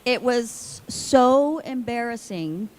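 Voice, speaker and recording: A woman actor on a convention panel, telling a self-mocking story to the audience in a lively way. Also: fairly high pitch, slow pace.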